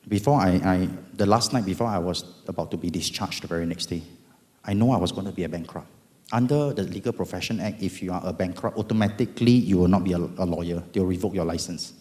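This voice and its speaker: A middle-aged man with a Singaporean accent giving a dramatic, animated testimony at an event. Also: low voice. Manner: animated, dramatic, bursts of loud emphasis. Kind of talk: storytelling testimony talk. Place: event hall. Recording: long hall reverb.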